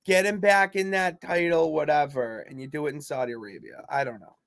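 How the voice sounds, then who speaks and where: A man's voice: on the high side, fairly quick, creaky, fairly bright tone, no room sound, studio quality. A man from Canada co-hosting a wrestling podcast, rambling through ideas in casual chat and swearing freely. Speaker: co-host.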